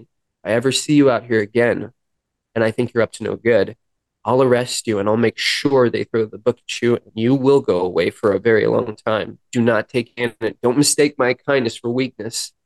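A man guest on a podcast, earnestly telling a personal story and acting out dialogue, with halting restarts. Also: mid-range voice, no echo. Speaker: podcast guest, musician in recovery. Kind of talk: personal storytelling in a sit-down interview.

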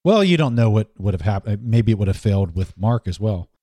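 A male podcast host with a rather low voice, asking questions in a relaxed, conversational way. The recording is dry and close to the mic. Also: brisk, dry recording. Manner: brief, relaxed interjections and questions. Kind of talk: casual interview.

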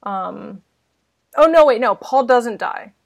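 A woman's voice: a little high, lively intonation, slow pace, creaky, no echo. A woman co-hosting a podcast, rambling through a film recap with lots of fillers and casual swearing. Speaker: podcast co-host.

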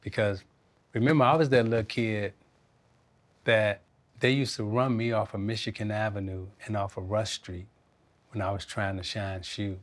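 A man, talking as a guest in an interview, earnest and reflective and quick to laugh. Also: fairly low pitch. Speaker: interview guest, former basketball player and coach. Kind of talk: casual interview talk.

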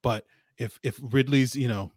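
A man's voice: mid-range voice, normal speed, darkish tone, breathy edge, no echo, studio quality. A man guest on a sports podcast, talking football in a conversational way with lots of hedging. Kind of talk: casual sports analysis talk.

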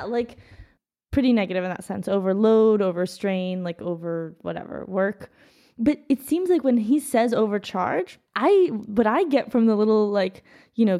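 An American woman in casual conversation, talking in an animated way with many "like" fillers. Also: fairly high pitch.

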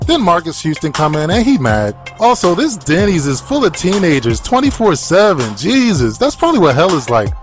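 A man's voice: a little high, big pitch swings, moderate pace, hardly any pauses, music in the background. A man giving a casual, profane, sarcastic comedic recap of a film. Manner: profane, sarcastic, joking asides. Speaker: movie recap commentator.

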